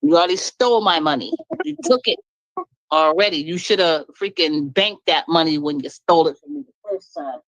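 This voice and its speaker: A woman's voice: low-pitched, a little fast, dry recording, lo-fi sound. A woman speaking up in an online talk room, venting bluntly and emphatically about her marriage and laughing as she talks. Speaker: caller sharing her story.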